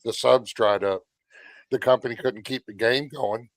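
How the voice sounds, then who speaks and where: A man on a gaming podcast calmly laying out his theory in casual talk. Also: mid-range voice, moderate pace, no room sound.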